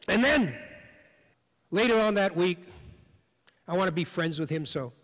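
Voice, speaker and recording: A man's voice: high-pitched, animated, a little slow, long pauses. A middle-aged man, an author, telling a reflective personal story in an earnest way, stumbling over repeated words when moved. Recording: music bed under the voice.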